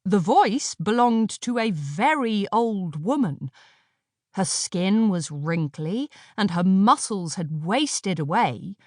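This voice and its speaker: Female audiobook narrator, unhurried, expressive, dry close studio read. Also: mid-range voice, no echo. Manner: measured, expressive storytelling.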